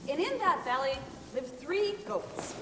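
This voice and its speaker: A woman's voice: high-pitched, very animated, unhurried. A woman leading a live stage story, playfully coaxing the audience to join in. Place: large theater hall. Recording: echoey hall, distant mic, audience noise.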